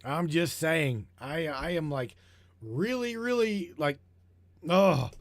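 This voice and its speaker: A man hosting a broadcast, talking in a heated, profane, rambling way and repeating himself, his voice getting hoarse. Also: a little high, animated, slow, dry recording. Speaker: broadcast host. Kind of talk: rambling conspiracy talk show.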